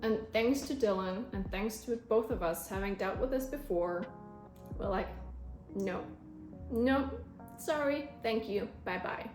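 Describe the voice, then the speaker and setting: A young woman vlogger telling her own story with animated feeling, with a turn of phrase. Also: mid-range voice, a little slow. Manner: emotional, animated storytelling, close to tears at times. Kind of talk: storytelling vlog. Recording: echoey room with faint music.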